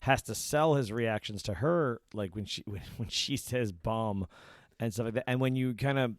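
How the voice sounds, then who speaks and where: A man's voice: medium pitch, normal speed, no room sound, studio quality. A man co-hosting a podcast in casual chat, rambling and swearing freely. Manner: rambling, profane, quotes characters in put-on lines. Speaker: podcast co-host.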